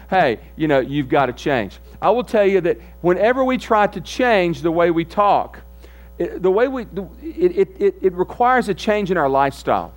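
A man as pastor giving a conversational sermon, often asking the congregation questions. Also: sits high. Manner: conversational, asks the audience questions.

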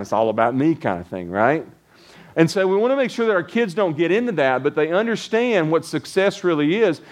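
Middle-aged male pastor, casual sermon delivery, rambling with restarts and frequent asides to the congregation. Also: a little high. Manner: conversational, rambling with restarts and tag questions.

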